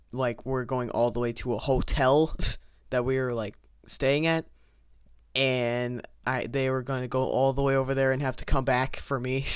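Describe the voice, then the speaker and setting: A man's voice: mid-range voice, clean tone, no echo, clean studio sound. A young man casually telling a rambling, self-mocking story with frequent stammers and restarts, recorded over gameplay. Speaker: vlogger telling a childhood story.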